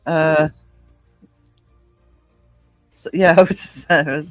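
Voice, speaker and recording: A woman from Northumberland with a soft Northumbrian English accent, chatting casually as a podcast co-host, blunt and quick to swear. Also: sits low, fairly even intonation, dry recording, soft background music, low-quality recording. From Northumberland, England. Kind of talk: casual chat.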